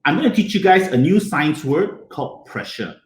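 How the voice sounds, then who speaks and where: A man teaching a hands-on science lesson to children, animated and constantly asking them questions. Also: fairly high pitch, moderate pace, echoey room.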